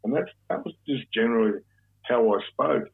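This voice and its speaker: An Australian man, a guest on an interview show, telling stories in a relaxed, rambling way and swearing freely. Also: medium pitch, brisk, creaky, husky. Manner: relaxed, profane, rambling storyteller. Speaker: guest, former bank robber. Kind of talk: casual storytelling interview. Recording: narrow phone-like sound.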